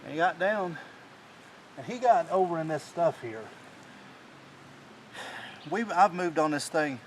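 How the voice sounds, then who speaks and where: Outdoors in the mountains after a hunt, a hunting channel host with a slightly high voice tells the story at a measured pace, rambling, restarting and getting excited. The audio is poor, with a faint hiss of the woods underneath.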